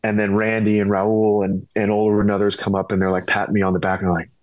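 A middle-aged man, a former pro ballplayer, telling a long anecdote as a guest, animated and rambling with restarts. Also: on the low side, quick pace, no room sound, poor audio.

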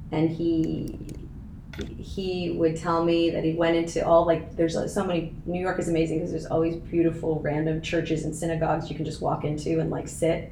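A woman in her thirties, appearing as a podcast guest, tells her story earnestly and emotionally, laughing now and then in a casual interview chat. Her voice is deep, creaky, and warm. The room is echoey with faint noise.

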